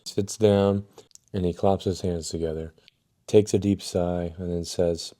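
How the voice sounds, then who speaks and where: Low-voiced young man telling a story. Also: little pitch movement, moderate pace, warm tone. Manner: casual, profane, self-mocking. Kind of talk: casual storytime.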